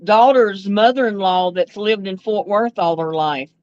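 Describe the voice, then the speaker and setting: A woman's voice: mid-range voice, a little slow, darkish tone, dry recording. Chat guest, woman, thoughtful and conversational, dry, dull lo-fi sound.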